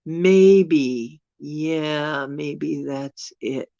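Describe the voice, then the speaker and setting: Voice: medium pitch, drawn-out words, creaky, mellow, no echo. A live-stream host with allergies, chatting casually with viewers, rambling and chuckling while thinking aloud. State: dealing with allergies. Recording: dull, dry lo-fi sound.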